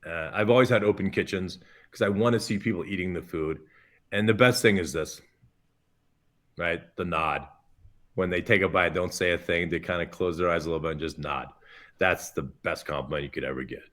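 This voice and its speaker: A man's voice: low voice, fairly quick. A chef as a podcast guest, a man telling stories casually, acting out quotes and laughing often. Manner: lively storyteller who acts out quotes and laughs often. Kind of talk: casual interview chat.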